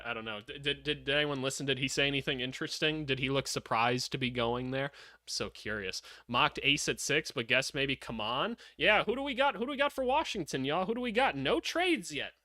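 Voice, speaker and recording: Excitable young man reacting live. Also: mid-range voice, no room sound. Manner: excitable, hypes up, swears and laughs. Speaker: livestream host. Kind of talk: casual live draft reaction.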